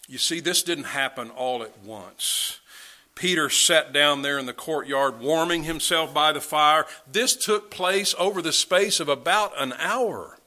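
Preacher guy, really bright voice, pitched a bit high, dramatic sermon delivery. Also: unhurried. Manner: dramatic, rising and falling delivery with emphatic questions. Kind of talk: sermon reading scripture.

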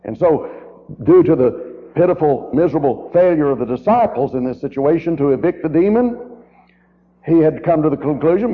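A man's voice: on the high side, lively intonation, fairly quick. A man preaching a sermon as a guest speaker, emphatic, with rhetorical questions and runs of repeated phrases. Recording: tinny, narrow-band old tape recording.

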